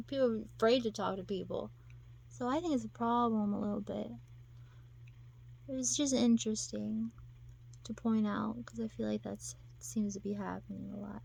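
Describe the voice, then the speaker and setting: A woman's voice: a little high, gravelly. A woman chatting casually to camera, rambling with lots of fillers and restarts. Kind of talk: casual chat.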